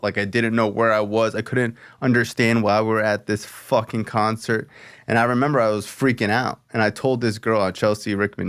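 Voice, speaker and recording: Speaking at medium pitch in a clear, resonant tone, the man hosting the podcast relates a story conversationally and performs the quoted voices with animation.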